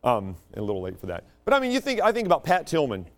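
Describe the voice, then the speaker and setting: American guy rambling to a room, higher voice, pitch swinging all over, keeps going off topic. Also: fast talker. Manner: animated and digressive, with sudden jumps up and down in pitch. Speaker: speaker addressing a group. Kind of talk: rambling talk to an audience.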